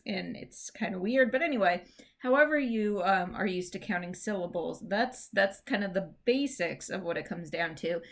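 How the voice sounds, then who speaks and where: A woman's voice: medium pitch, a bit bright. A woman English teacher giving a casual recorded class lecture, chatty and full of fillers, with dry self-mocking humor, leaning hard on syllables to demonstrate stress. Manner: exaggerates word stress to demonstrate.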